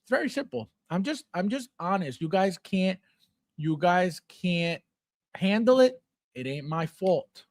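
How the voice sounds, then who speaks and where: A man's voice: high-pitched, sing-song, measured pace, no echo, studio quality. A man hosting a collectibles channel, ranting bluntly and scornfully about a figure, profane and sarcastic. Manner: repetitive, sarcastic jabs at viewers.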